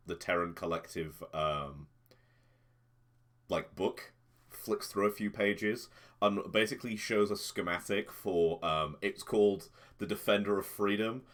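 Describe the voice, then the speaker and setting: A man playing a tabletop game, describing his character's actions in a halting way with many fillers. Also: low voice, a bit bright. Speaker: player. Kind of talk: casual tabletop game play.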